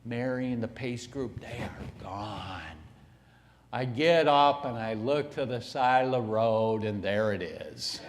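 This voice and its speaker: Male motivational speaker, animated storytelling, unhurried pacing, conference-hall reverb. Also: mid-range voice, slight background noise. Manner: emphatic and animated, swings between loud and hushed. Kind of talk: storytelling keynote speech.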